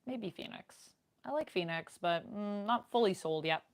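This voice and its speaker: A woman's voice: medium pitch, lively intonation, measured pace. A young woman streamer chatting casually with her viewers in a live Q&A, reading out their comments as she goes. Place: home room, indoors. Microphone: desk microphone.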